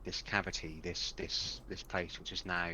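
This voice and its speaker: A man playing a tabletop game, describing his character's actions in an unhurried, hesitant way. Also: low-pitched, level tone, sharp tone, a little hiss or hum, rough recording. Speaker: player.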